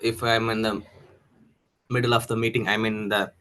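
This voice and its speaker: Trainee man, lowish bright voice, halting, far from the call mic. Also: level tone, a little hiss or hum. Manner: hesitant, many fillers. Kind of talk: answering in an online class. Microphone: video call, away from the mic.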